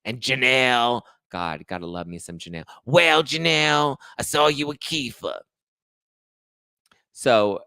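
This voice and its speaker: A man's voice: sits low, bright, forceful tone, clean tone, no room sound. A man hosting a pop culture show, in casual gossip commentary that is chatty, full of fillers and sarcastic asides. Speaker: pop culture podcast host.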